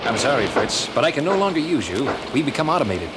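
An actor playing a curt, greedy toy company owner in a 1970s children's record drama. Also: male voice, medium pitch, sing-song, fast talker, very noisy, lightly acted. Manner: curt, businesslike.

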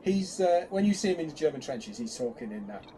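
Male co-host, mellow and warm, chatty with frequent restarts, faint background hiss. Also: fairly high pitch, a little fast. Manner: chatty, hesitant restarts, animated bursts. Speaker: podcast co-host. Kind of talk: casual fan chat.

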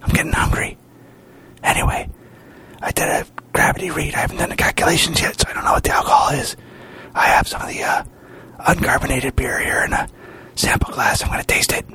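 A man hosting a podcast who whispers a quick update so as not to wake a sleeping guest. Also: a little high, steady tone, bright, forceful tone. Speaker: podcast host, home brewer.

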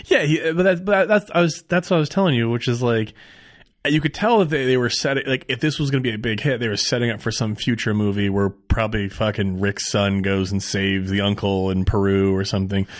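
A man's voice: fairly low pitch, steady tone, brisk. Rambling, swearing male podcast host. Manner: rambling, profane, laughs often. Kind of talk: casual chat.

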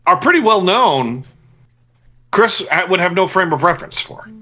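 Lively, bright-voiced ranting man. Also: high voice, moderate pace, muffled recording. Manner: profane, ranting, animated. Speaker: podcast co-host. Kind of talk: casual podcast chat.

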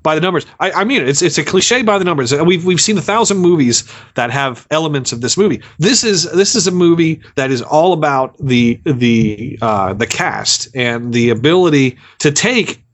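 A man's voice: a little high, animated, normal speed, hardly any pauses, lo-fi sound. A man co-hosting a casual movie review podcast, rambling and earnest, often stammering and repeating words. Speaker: podcast co-host.

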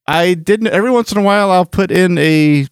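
Talking fairly quickly in a high-pitched, clear, resonant voice, this man hosts a laid-back podcast. He wanders off on tangents, fixes his own wording mid-sentence, and laughs readily, all captured in a dry, clean studio recording.

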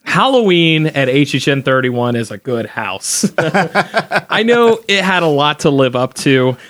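A man's voice: a little high, animated, measured pace, a bit bright, no room sound, studio quality. A man on a casual podcast panel, chatting in a rambling way with fillers and frequent chuckles.

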